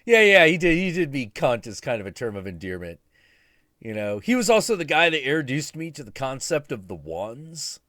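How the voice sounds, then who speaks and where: Guy rambling on his stream, swears a lot, lively up and down voice, dry sound. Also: mid-range voice, moderate pace, no room sound. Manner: rambling, profane, self-mocking. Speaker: stream host. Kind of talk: casual live-stream chat.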